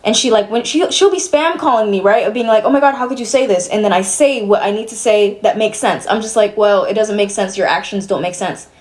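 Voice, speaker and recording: A woman's voice: medium pitch, fairly quick, few pauses, darkish tone. A young woman streamer venting to her chat, exasperated and swearing as she rambles.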